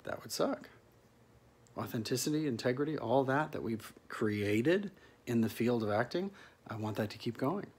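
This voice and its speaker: A man's voice: medium pitch, animated, normal speed, darkish tone, husky. A middle-aged male actor delivering a rambling, earnest spoken monologue in a pleading tone.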